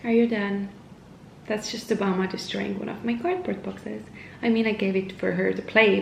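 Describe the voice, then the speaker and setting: A woman from Estonia vlogging at home, her voice at a middle pitch. She talks in a loose, rambling way, full of "like" and false starts, and often drops to a soft, hushed tone. The room around her gives a roomy echo. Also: fairly even intonation, moderate pace, creaky, long pauses, a little hiss or hum. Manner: rambling, filler-heavy, with frequent "like" and restarts. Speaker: lifestyle vlogger. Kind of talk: casual chat to camera. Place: at home indoors, with her cat nearby.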